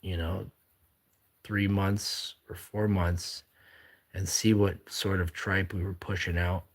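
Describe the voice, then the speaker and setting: A man's voice: deep voice, flat delivery, slow. A man hosting a casual live drawing stream, reading viewer comments aloud and chatting back in a rambling, upbeat way.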